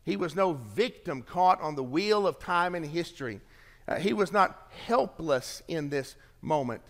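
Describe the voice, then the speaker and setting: A man preaching a sermon as pastor, swinging from emphatic lines to hushed, low endings. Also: expressive, a little slow. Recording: long reverb of a large hall.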